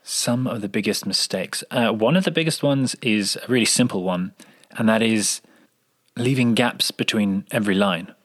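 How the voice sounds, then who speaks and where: Lowish guy explaining audio drama editing, chatty, acts out little bits of dialogue. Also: normal speed. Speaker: sound designer. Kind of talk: interview answer.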